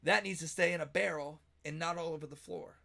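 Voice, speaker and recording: A man's voice: on the high side, steady tone, fairly quick, gravelly, sharp tone, pitched above the performer's own voice, heavily acted. A man voicing a matter-of-fact male crewman who explains things steadily. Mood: explaining.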